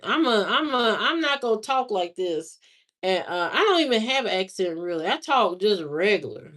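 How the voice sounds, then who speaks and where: A woman's voice: medium pitch, big pitch swings, moderate pace, a bit bright. A woman from Indiana hosting a livestream, chatting casually with viewers in slangy, repetitive talk full of fillers. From Indiana, USA. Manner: slangy, drawling talk with lots of repeats and fillers. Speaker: livestream host. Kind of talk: casual chat answering live viewers.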